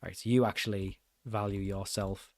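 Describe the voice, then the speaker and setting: A man's voice: fairly low pitch, flat delivery, brisk, no echo. A young man giving casual gameplay commentary, thinking aloud in a puzzled, self-mocking way as he works through his choices. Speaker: gaming channel host.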